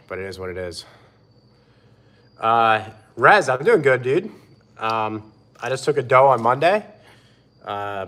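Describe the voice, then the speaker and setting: A man hosting a live stream outdoors, chatting in a relaxed way and greeting viewers by name. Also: mid-range voice. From Pennsylvania. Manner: laid-back, answers chat by name. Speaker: livestream host. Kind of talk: casual live-stream chat.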